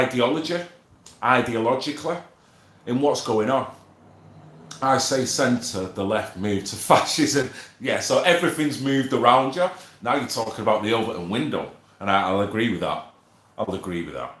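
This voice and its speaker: A man's voice: medium pitch, roomy sound. A man ranting to his viewers in a casual monologue, swearing often and asking them if he's wrong. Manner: animated, swears a lot, asks viewers for agreement. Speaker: political vlogger.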